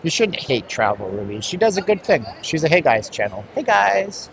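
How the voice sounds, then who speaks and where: A man's voice: medium pitch, big pitch swings, brisk. A man live-streaming while walking outdoors on a hot city street, bluntly rambling to his chat. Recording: street traffic noise.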